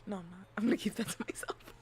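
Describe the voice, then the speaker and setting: A woman streamer chatting casually in a soft ASMR style, rambling and giggly, often dropping into whispers. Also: medium pitch, fairly even intonation, fast talker, soft background music.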